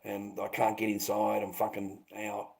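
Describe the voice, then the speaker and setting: A man's voice: on the low side, monotone, moderate pace, creaky, low-quality recording. A man chatting to his livestream viewers, rambling and swearing, calling them mate and bro. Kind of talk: casual livestream chat.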